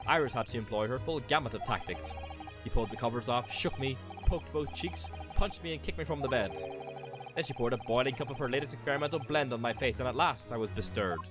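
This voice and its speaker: A man with an Irish accent reading game dialogue aloud as a pompous, eccentric male gentleman detective, in grandiose, drawn-out theatrical speech. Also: mid-range voice, music in the background, close to an everyday voice. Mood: grand.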